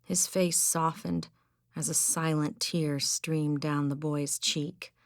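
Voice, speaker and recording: A woman narrating an audiobook in a measured, even storytelling manner on a close studio mic. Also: low voice, no room sound. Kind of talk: scripted narration.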